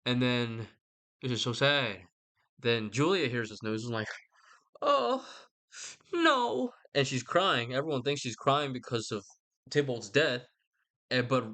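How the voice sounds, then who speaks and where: A man's voice: mid-range voice, fairly bright tone. A young man giving a rambling, sarcastic comedic recap of a book, swearing casually and putting on voices for the characters.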